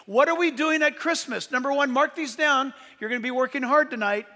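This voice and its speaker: A man with a very high, bright voice preaches a sermon to his church. He stresses his points with force and at times quickens into a near shout. The sound carries the long reverb of a big church hall. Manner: emphatic preaching, speeds up and shouts in stories. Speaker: pastor.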